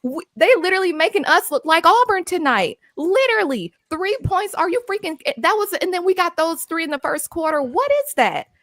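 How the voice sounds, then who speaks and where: A high-pitched woman, talking bluntly and with heat as a sports show panelist. Her voice is close and dry on her own microphone over a video call from home, and she keeps stumbling back over her words as her frustration builds. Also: animated, brisk, few pauses, a bit bright, no room sound. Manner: blunt, fired-up, repeats herself when angry. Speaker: post-game show panelist. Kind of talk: heated sports talk rant.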